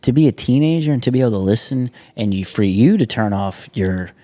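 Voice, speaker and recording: Dark-voiced laid-back podcast host. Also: male voice, medium pitch, animated, fairly quick. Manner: laid-back, short reactions and musing. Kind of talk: casual chat.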